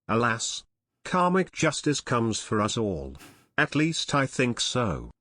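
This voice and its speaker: A man trades dry, teasing jokes in casual stream banter. His pitch moves a lot, and the recording is completely dry with no room sound. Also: wildly swooping pitch, takes it slowly, bright, forceful tone, no echo.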